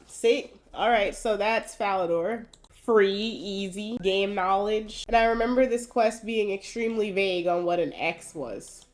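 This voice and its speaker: A woman's voice: medium pitch, measured pace, a little mellow, faint music behind. Chatty young woman narrating her gameplay. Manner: chatty, wry, thinks aloud. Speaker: gaming video host. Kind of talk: casual gameplay commentary.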